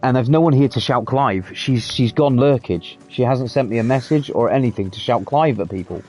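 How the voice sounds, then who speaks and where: A man's voice: mid-range voice, normal speed, a little mellow, faint music behind. A British man chatting casually and swearing freely as he streams a game. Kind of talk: casual live gameplay commentary.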